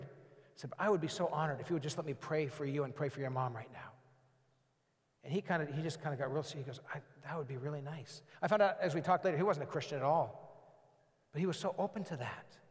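Pastor, male, light high voice, friendly conversational preaching style, reverberant hall sound. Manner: conversational preaching with acted-out quotes. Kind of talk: sermon.

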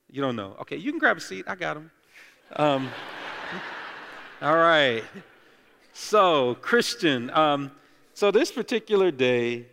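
A man's voice: fairly high pitch, creaky, a bit bright. A man preaching as the lead pastor in a church, speaking in a loose, conversational way, joking and talking straight to the congregation. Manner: chatty and joking, talks directly to the congregation. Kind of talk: conversational sermon. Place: church sanctuary. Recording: long echoey church reverb.

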